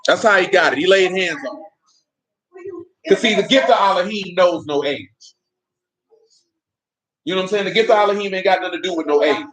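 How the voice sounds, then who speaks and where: Male preacher, fairly high-pitched, talking colloquially to his congregation. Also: fairly quick, pauses often, fairly bright tone, poor audio. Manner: conversational preaching, colloquial, asks listeners questions. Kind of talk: sermon.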